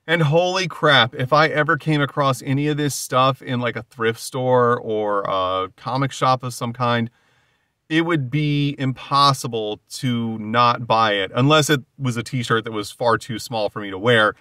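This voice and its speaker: A man's voice: mid-range voice, a little slow, bright, forceful tone, no echo. A man hosting a casual solo comic book commentary, talking animatedly with frequent fillers and exasperated asides.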